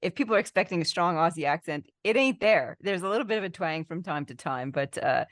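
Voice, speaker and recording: A woman's voice: on the low side, expressive, fast talker, dry recording, clean studio sound. A woman with a Canadian accent, a guest on a podcast, chatting cheerfully and laughing often. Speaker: guest, leadership author. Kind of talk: casual interview chat.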